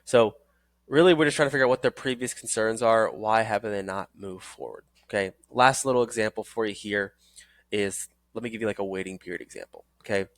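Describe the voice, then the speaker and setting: An energetic man coaching trainees through a sales script. He repeats phrases for emphasis and talks straight to the listener. The sound is dry and close, with little room in it. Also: lowish voice, a little fast, no echo. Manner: acts out sales calls in several voices. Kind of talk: recorded training course.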